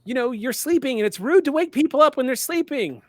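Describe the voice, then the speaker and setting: A man voicing a nervous young fae in a tabletop game, with high, stammering pleading. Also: animated, a little fast, no echo, clean studio sound. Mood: placating.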